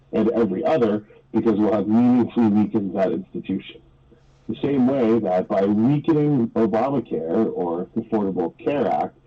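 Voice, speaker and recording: A man's voice: on the low side, slightly rough. A man speaking as an economist guest on a radio talk show, explaining in an earnest, articulate way. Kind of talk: radio interview commentary. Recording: dull lo-fi radio audio.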